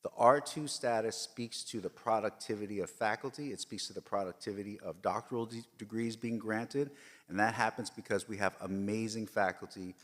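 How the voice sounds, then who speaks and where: A man's voice: fairly low pitch, steady tone, brisk, a bit bright. A man giving a formal speech at a board meeting, emphatic and repetitive, with frequent fillers. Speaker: system leader giving a report. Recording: long reverb of a large hall.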